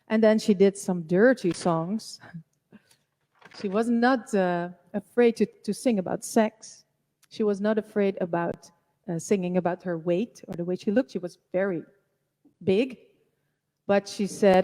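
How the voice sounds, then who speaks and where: A woman presenting a live music talk, chatty and halting, with many fillers. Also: mid-range voice, dark tone, long reverb tail. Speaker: presenter and singer.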